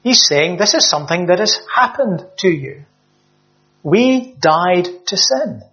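A man's voice: sits high, expressive, takes it slowly, bright, forceful tone. A man preaching a sermon in an earnest, emphatic way, often restarting his words. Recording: slightly dull lo-fi sound.

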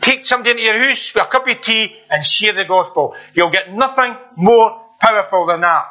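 A man's voice: sits high, brisk, sharp tone. A man preaching a sermon in an earnest, conversational way, repeating himself and asking the listeners rhetorical questions. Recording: dull lo-fi recording.

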